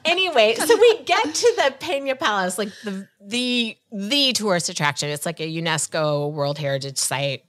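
A woman tells a long, rambling story to her fellow podcast hosts, restarting sentences and laughing along the way. Her pitch moves around a lot as she talks. The sound is dry and close. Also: animated, moderate pace, hardly any pauses, fairly bright tone, dry recording. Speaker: podcast co-host. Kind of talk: casual chat, storytelling.

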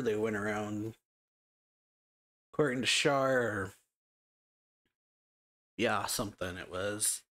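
Reaction host, male, unhurried delivery, offhand recap of an episode, mid-pitched. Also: fairly bright tone. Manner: short murmured reactions and chuckles, then a loose recap.

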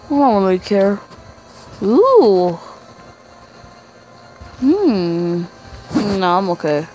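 A man's voice: high voice, very animated, extremely slow, darkish tone, soft background music, rough recording. A young male gamer with a sick, congested voice, chatting aimlessly to viewers while playing. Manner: rambling, chatty asides to viewers. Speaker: gaming channel host. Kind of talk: let's-play game commentary.

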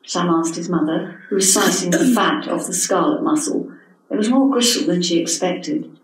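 A woman's voice: fairly low pitch, slight background noise. Older woman reading aloud in an echoey hall. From England. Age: 70s. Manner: measured, expressive storytelling. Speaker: author reading her own story. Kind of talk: literary reading. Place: literary event hall. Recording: echoey hall from a distant mic.

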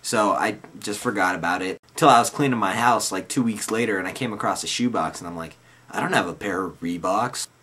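Guy in his twenties, low-ish voice, casual storyteller, slangy and rambling. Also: brisk, fairly bright tone, breathy edge. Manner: rambling, loose and slangy, lots of "like" and "dude". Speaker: vlogger telling a personal story.

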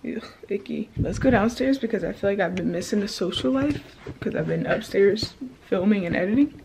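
A young woman vlogs her day, talking straight to a handheld camera in a lively, chatty way. Her voice sits at a middle pitch, and steady car and room noise runs under it. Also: a little fast, gravelly. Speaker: vlogger. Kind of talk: casual vlog chat. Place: at home, then in a car.

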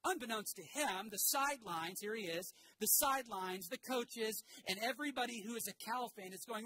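A man's voice: high voice, moderate pace, hardly any pauses, slightly rough, rough recording. A man preaching a sermon to his congregation, telling a story with energy and getting the crowd to repeat phrases back to him. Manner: animated storytelling with shouted asides. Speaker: pastor. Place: church sanctuary.

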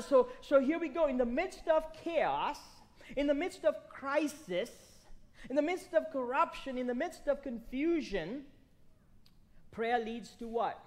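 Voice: high voice, lively intonation, unhurried, darkish tone. Conversational preacher asking rhetorical questions. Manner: conversational, repeats phrases, checks in with 'right?'. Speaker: pastor. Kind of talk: sermon.

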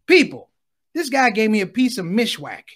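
A man performing a stand-up comedy set, telling stories with lively delivery and acting out the people in them. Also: high voice, normal speed. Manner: animated storytelling, acts out other voices. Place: on stage at a conference.

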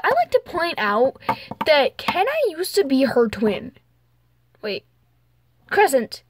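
A young woman hosting a casual home vlog, talking in a rambling way with fillers, trailing off and small giggles. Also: fairly high pitch. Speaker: channel host.

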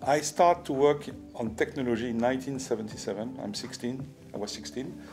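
Brief: older French-accented man, mid-pitched, halting delivery, faint music underneath. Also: darkish tone. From France. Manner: halting, with many restarts and fillers. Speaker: business executive. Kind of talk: personal talk to camera.

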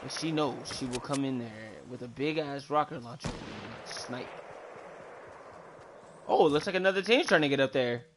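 A man's voice: mid-range voice, lively intonation, normal speed, a bit bright, slight background noise. A young man doing profane, joking commentary and mock narration over gameplay. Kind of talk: comic gameplay fan dub commentary.

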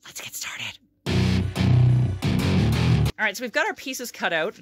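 A woman's voice: a little high, sing-song, unhurried, over loud music. A woman chatting casually about sewing in a vlog, profane and self-mocking. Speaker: sewing vlogger.

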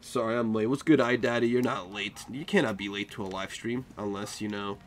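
A man's voice: lowish voice, fairly even intonation, fairly quick. A tired young man chatting casually with viewers while he plays a live game stream, joking and defending himself. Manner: drowsy, playfully defensive banter.

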